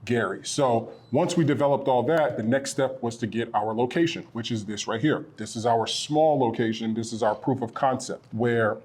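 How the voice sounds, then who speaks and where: A man's voice: medium pitch, normal speed, hardly any pauses, darkish tone, breathy edge. Earnest rambling man in his shop. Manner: rambling, self-correcting, earnest. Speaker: printing supply business owner. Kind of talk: casual promotional chat. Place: their small shop location.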